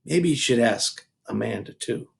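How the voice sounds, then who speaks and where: A man voicing a gentle, genteel elderly woman librarian. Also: medium pitch, lively intonation, measured pace, vocal fry.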